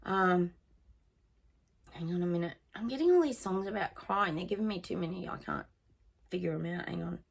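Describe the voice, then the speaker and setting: Chatty woman, gravelly voice. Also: fairly low pitch, normal speed, long pauses. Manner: chatty, sings song snippets, trails off. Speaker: psychic. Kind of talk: casual psychic reading monologue.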